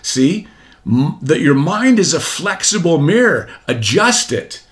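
Motivational speaker, male, forties; fairly high voice, preachy, leans on repeated lines and rhetorical questions. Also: very animated, measured pace. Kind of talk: motivational talk.

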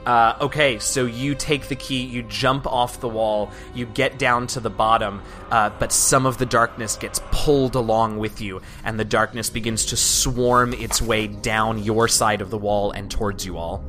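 A man's voice: fairly low pitch, steady tone, normal speed, hardly any pauses, sharp tone, soft background music. A man narrating as game master of a tabletop game, describing scenes with some hesitant restarts.

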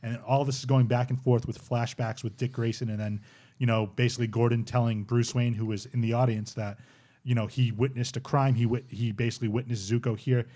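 Podcast host, man in his 40s, quick delivery, keen plot recapper. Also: medium pitch, little pitch movement, dark tone. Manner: retells cartoon plots eagerly. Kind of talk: casual chat.

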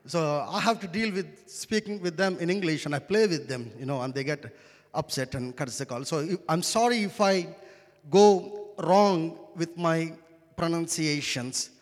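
A man's voice: on the high side, moderate pace, big-room sound. A male pastor from India with an Indian accent, a native Telugu speaker, preaching a sermon in English with an apologetic, joking manner. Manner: apologetic, self-deprecating, joking aside.

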